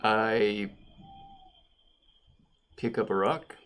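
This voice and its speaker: A man's voice: lowish voice, fairly even intonation, extremely slow, fairly bright tone, clean tone. A man playing a tabletop game, joking around in casual chat. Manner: playful, jokey. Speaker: player.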